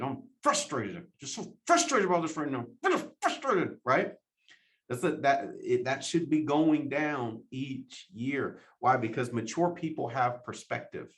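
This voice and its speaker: A man giving a motivational talk, animated, laughing often and repeating his questions for emphasis. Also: fairly high pitch. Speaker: motivational speaker.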